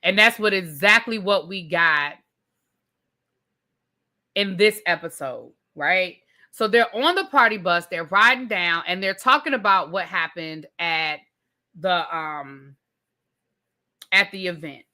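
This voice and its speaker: A woman hosting a casual live TV review, retelling scenes in an animated way with lots of fillers and restarts, talking to her viewers as y'all. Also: fairly low pitch. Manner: informal, addresses viewers as y'all. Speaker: TV review host. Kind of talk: casual live recap rant.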